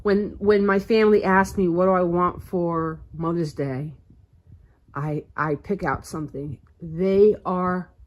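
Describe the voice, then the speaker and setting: A woman's voice: fairly low pitch, fairly even intonation, a little slow. A middle-aged woman chatting to the camera at home as she films, gushing over her decor and often repeating herself. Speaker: home vlogger. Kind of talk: casual chat to camera. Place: at home, indoors. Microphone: handheld camera.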